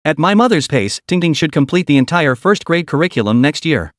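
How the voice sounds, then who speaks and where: In a storybook recap, a male narrator takes on the role of a composed, remorseful businesswoman chairman. She talks calmly and earnestly, like someone speaking in public, with a fairly high, very lively pitch at a fairly quick pace. The recording is dry and close.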